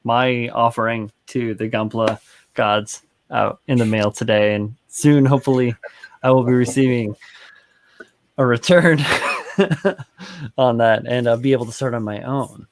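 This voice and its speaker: A man's voice: medium pitch, measured pace, dry recording. A man co-hosting a casual hobby stream, laid-back and upbeat, with casual swearing. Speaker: stream co-host. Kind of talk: casual chat.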